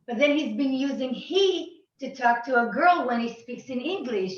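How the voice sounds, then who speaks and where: A woman's voice: high voice, animated, moderate pace. A woman student chatting in an online class, laughing as she explains something confusing. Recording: distant, muffled echoey call audio.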